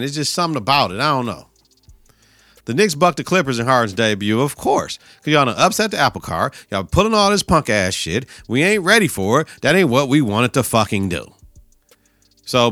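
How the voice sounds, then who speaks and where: A man's voice: fairly high pitch, no room sound, clean studio sound. A young adult man hosting a casual solo sports podcast, cursing freely as he riffs in slang about games and his work as a teacher and coach. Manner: profane, slangy, animated riffing.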